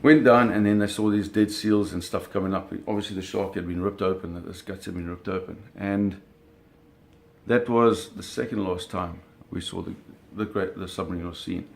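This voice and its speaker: With a low pitch, steady tone and vocal fry, a man tells a casual story of shark hunting at a moderate pace over slight background noise. He acts out sounds vividly and often repeats words or corrects himself mid-sentence.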